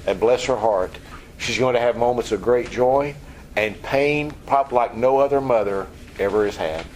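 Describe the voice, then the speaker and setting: A man preaching an expository Bible lesson, explaining word meanings and acting out scenes with lively energy. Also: medium pitch, normal speed, a little hiss or hum, low-quality recording. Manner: animated, acts out scenes. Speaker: pastor.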